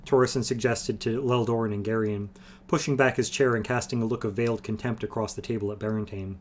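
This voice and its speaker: A man reading a fantasy novel aloud on a livestream, in steady narration. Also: fairly low pitch, fast talker, a little hiss or hum. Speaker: reader.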